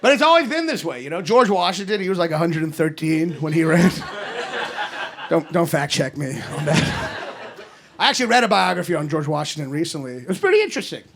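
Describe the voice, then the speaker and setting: A man in his thirties from Kentucky doing an animated, sarcastic stand-up set on a comedy club stage, swinging between loud rants and mutters. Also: a little high, brisk, creaky, crowd noise. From Kentucky, USA. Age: 30s. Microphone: handheld stage mic. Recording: live club recording with audience noise. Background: audience laughter.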